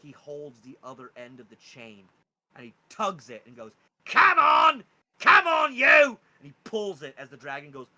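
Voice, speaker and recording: A man's voice: medium pitch, fairly quick, bright, forceful tone, low-quality recording. A man narrating a tabletop game as game master, describing scenes casually and humming little sound effects.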